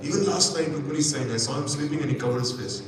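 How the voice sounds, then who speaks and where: A man's voice: medium pitch, expressive, very fast, noisy background. A man retelling a scripture story to an audience at a morning class, voicing the characters' words with rising emphasis. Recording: echoey hall, mic far off, audience.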